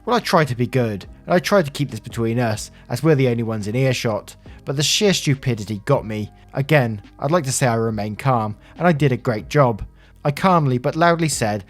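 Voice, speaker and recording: A man's voice: mid-range voice, lively intonation, soft background music. Wry swearing male story narrator. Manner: wry, swears freely, quick asides. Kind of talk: casual story narration with commentary.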